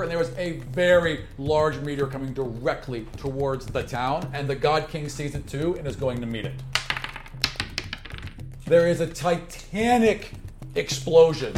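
Acting as game master for a tabletop role-playing game, a man with a somewhat high voice narrates scenes in a lively, vivid manner.

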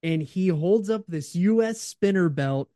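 A man's voice: sits high, lively intonation, measured pace, mellow, dry recording, studio quality. A man co-hosting a wrestling podcast, telling stories with lots of laughter and enthusiasm. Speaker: podcast co-host. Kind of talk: casual chat.

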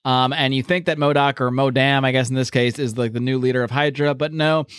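A man in casual podcast chat, talking through a comic book story with loose, easygoing phrasing. His voice sits at an ordinary middle pitch. The recording is close and dry, with no room sound. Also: fairly even intonation, fairly quick, a bit bright, clean tone, no echo. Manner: chatty, restarts often, acts out characters in quotes. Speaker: podcast co-host.

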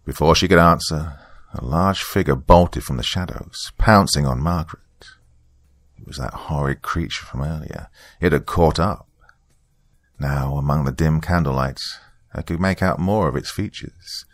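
Very deep-voiced man narrating horror. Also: moderate pace, dry recording, clean studio sound. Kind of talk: first-person horror story narration.

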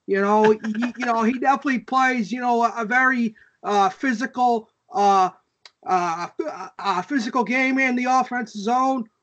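A man making a draft pick in a put-on Boston accent, halting and full of fillers. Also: very high-pitched, a bit bright, muffled recording. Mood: playful. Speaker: draft analyst guest. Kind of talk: joking podcast draft pick.

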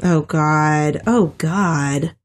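A woman's voice: deep voice, drawn-out words. A woman co-hosting a podcast in casual chat, reacting and laughing often. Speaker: podcast co-host. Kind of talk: casual chat recapping a TV show.

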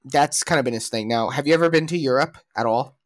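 A man's voice: medium pitch, fast talker, no echo, clean studio sound. A man co-hosting a casual podcast, talking through opinions in a rambling way with frequent restarts and fillers. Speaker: podcast co-host.

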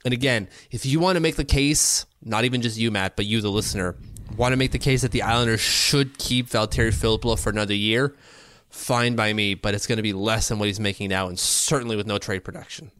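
A man's voice: fairly low pitch, a little fast, a bit bright, no room sound, clean studio sound. A man co-hosting a casual hockey podcast, talking through his opinions with frequent restarts and fillers. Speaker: podcast co-host. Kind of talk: casual sports talk.

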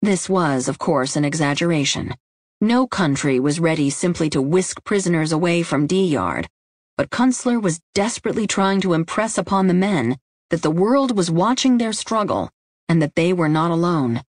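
A woman narrating a nonfiction audiobook in a measured, even reading style. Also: on the low side, dry recording, studio quality.

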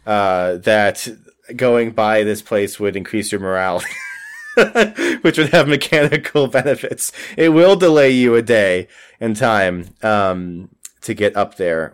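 A man's voice: lowish voice, smooth. Casual male game master, loose rambling delivery, pirate campaign narration. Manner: relaxed, rambling narration with fillers and laughs.

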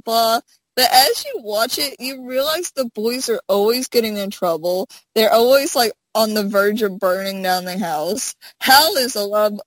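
A woman's voice: medium pitch, dry recording, low-quality recording. A woman in casual conversation, retelling scenes with lots of fillers and acted-out quotes, talking over a phone. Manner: animated storytelling with many fillers, acting out quotes. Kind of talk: casual chat.

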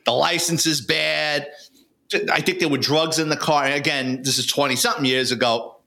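His voice is fairly high and pushed-bright, with vocal fry, fairly even intonation and normal speed. A guest from New York City, the older retired police detective and author tells casual stories bluntly and street-wise, swearing colorfully.

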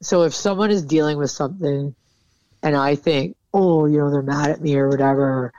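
A woman's voice: deep voice, normal speed, mellow, no room sound. A woman military veteran talking candidly in an interview, casual and frank, swearing freely. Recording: dull, dry sound.

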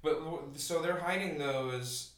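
A man's voice: a little high, unhurried, fairly bright tone. Man, podcast co-host, casual chat, blunt, swears a lot, echoey room. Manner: blunt, swears often, repeats himself.

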